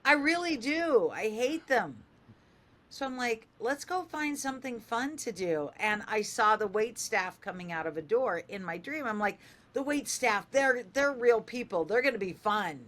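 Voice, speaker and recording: An older woman radio host telling a funny story, lively and animated, acting out the voices in it. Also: moderate pace. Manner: lively, acts out quoted voices with big pitch jumps.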